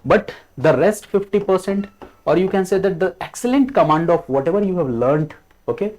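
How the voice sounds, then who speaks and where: A man's voice: high-pitched, expressive, background noise. A middle-aged man, giving an exam coaching lecture, repeating key phrases and ending lines with "okay?". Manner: repetitive, ends lines with a rising "okay?"; slow, drilling emphasis on key phrases. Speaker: history teacher.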